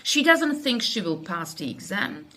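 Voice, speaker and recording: A woman's voice: mid-range voice, very animated, a little slow, bright, forceful tone, a little hiss or hum. A woman with a Slovak accent teaching English grammar, reading out example sentences and explaining them in loose, unscripted speech with many fillers. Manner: unscripted, with frequent fillers and restarts.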